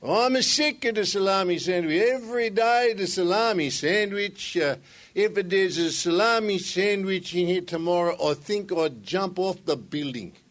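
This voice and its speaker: Man doing an Italian builder, fed up, put-on accent, raised pitch, complaining. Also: a little slow, fairly bright tone.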